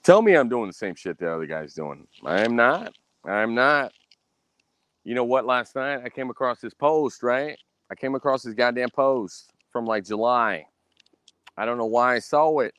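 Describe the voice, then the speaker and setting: A man's voice: animated, normal speed, a bit bright, smooth, no room sound. Brash male podcast host, swears nonstop, voice swings up and down, dry close mic. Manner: angry, boastful, heavy cursing, repeats himself; mimics others in a high voice. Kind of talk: profane solo podcast rant.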